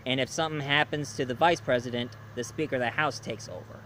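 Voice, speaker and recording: A man's voice: mid-range voice, fast talker, sharp tone, a little hiss or hum. A man giving a casual, rambling movie review full of fillers.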